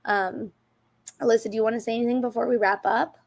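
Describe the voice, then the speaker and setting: A woman's voice: on the high side, fairly even intonation, fast, darkish tone. Woman, co-host, casual live-stream chat over a video call; upbeat and chatty. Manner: chatty, upbeat, lots of fillers. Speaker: co-host of a teacher conference info session.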